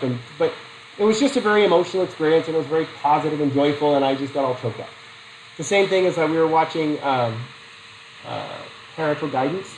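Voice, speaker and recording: A man's voice: a little high, a little hiss or hum, rough recording. A middle-aged man teaching a psychology class in a chatty way, asking the students questions and telling personal stories. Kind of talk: classroom lecture.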